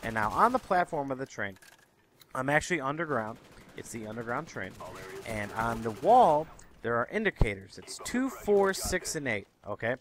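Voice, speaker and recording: A young man ranting through his everyday stories in a profane, exasperated, animated way, talking straight to his viewers. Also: mid-range voice, moderate pace, slight background noise. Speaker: commentary vlogger. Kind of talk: ranting storytelling monologue. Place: Chicago area.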